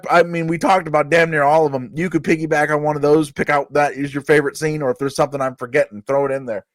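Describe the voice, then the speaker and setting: Excitable male podcast host, high-pitched, cursing freely, dry recording. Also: fast, no echo. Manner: excitable, profane, laughs a lot. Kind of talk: casual chat.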